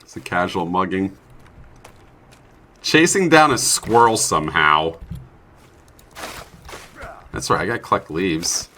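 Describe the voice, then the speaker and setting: A man's voice: low voice, sing-song, slow pace, long pauses, pushed and bright, a little hiss or hum. A young man commentating his own gameplay in a chatty, self-mocking way, with sudden startled outbursts. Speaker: streamer playing a survival game. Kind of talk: let's play commentary.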